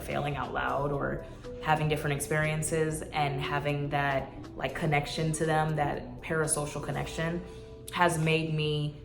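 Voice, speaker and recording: Rambling and emotional, a twentysomething woman on YouTube speaks sincerely to her audience in a relaxed vlog. She has a low voice, and the audio sounds roomy.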